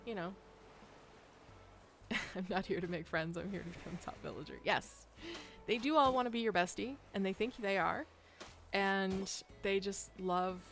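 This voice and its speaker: Chatty woman streamer with a gravelly voice. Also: mid-range voice, fairly bright tone, slight background noise. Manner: chatty, rambling, laughs often. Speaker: game streamer. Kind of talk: casual chat while playing.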